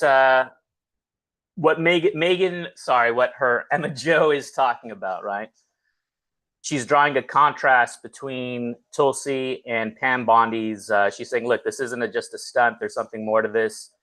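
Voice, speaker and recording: A man hosting a casual livestream talk show, talking in a relaxed, conversational way. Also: medium pitch, unhurried, poor audio. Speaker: host.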